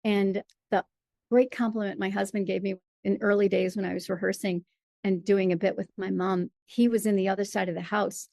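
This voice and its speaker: A middle-aged American woman telling her stories as an interview guest, animated and quick to laugh. Her voice sits at an ordinary pitch for a woman. The sound is dry and close, with no room around it. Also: vocal fry, no room sound. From United States. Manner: animated storyteller, laughs often. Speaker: guest, playwright and performer. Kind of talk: casual interview conversation.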